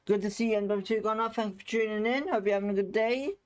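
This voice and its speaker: Calling the match with excitable reactions, the watchalong host speaks quickly in a high-pitched, clean voice. Between moments of play he greets chat viewers by name.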